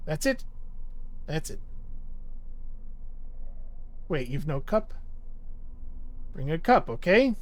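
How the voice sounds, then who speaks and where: A man's voice: fairly high pitch, very animated, slow, long pauses. A man streaming a video game, talking to himself in a wry, profane, casual way. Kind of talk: casual gameplay commentary.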